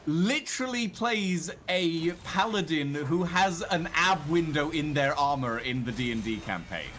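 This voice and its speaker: A man chatting on a game livestream in a slow, drawn-out way. His voice is bright and lively, with a fairly high pitch. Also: slight background noise. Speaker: gamer on a livestream. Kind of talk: casual co-op game chat.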